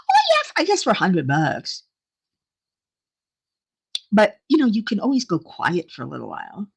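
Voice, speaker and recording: A woman's voice: medium pitch, wildly swooping pitch, a little slow, vocal fry, pauses often, breathy edge. A woman hosting a casual livestream, chatting with viewers, laughing often and reading out their comments. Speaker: livestream host.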